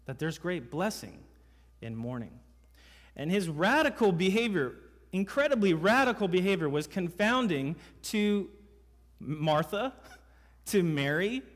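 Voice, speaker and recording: Emphatic male pastor preaching in a hall. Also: on the high side. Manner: emphatic preaching with rhetorical questions. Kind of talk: sermon. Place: church sanctuary. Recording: reverberant hall sound.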